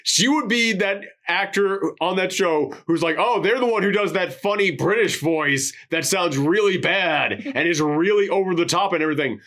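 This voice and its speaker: A man's voice: sits high, moderate pace, hardly any pauses, fairly bright tone. A man co-hosting a casual movie review podcast, acting out quotes from the film in dramatic voices. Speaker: podcast co-host.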